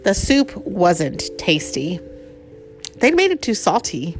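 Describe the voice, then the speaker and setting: A woman's voice: lowish voice, sing-song, takes it slowly, faint music behind. A woman reading a picture book aloud to a child, with chatty asides about the pictures.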